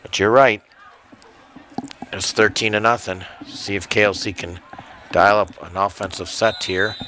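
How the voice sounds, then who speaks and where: A man with a very low voice gives high school football color commentary, full of wry, teasing asides. His tone comes across bright and forceful. Faint outdoor noise sits underneath. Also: steady tone, a little slow. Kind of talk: joking sports color commentary.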